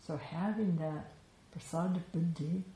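A woman's voice: lowish voice, measured pace, warm tone. A woman teaching Vedanta philosophy in a reflective, conversational way, often checking in with "you know". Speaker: spiritual teacher. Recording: echoey room with faint ambient noise.

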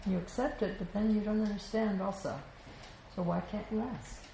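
A woman's voice: medium pitch, fairly even intonation, moderate pace, mellow. A woman teaching Vedanta philosophy in a reflective, conversational way, often checking in with "you know". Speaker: spiritual teacher. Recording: echoey room with faint ambient noise.

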